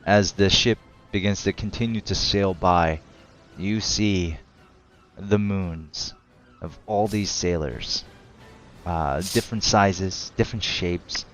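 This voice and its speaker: Low slow guy dm-ing a tabletop game, laid-back, dull lo-fi sound. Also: faint music behind. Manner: laid-back, hesitant narration with frequent laughs. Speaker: game master.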